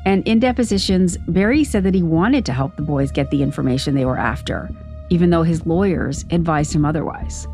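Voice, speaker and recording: A woman hosting and narrating a documentary in a measured, serious way. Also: low voice, lively intonation, mellow, soft background music. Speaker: podcast host and narrator.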